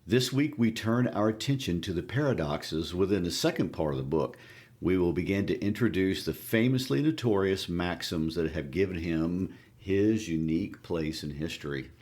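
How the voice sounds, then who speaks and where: A man with a very low, deep voice co-hosts a book discussion podcast. He talks in a relaxed, unhurried way, often pausing on small fillers as he gathers his thoughts. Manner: relaxed, hesitant with frequent fillers. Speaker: podcast co-host. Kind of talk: casual literary discussion.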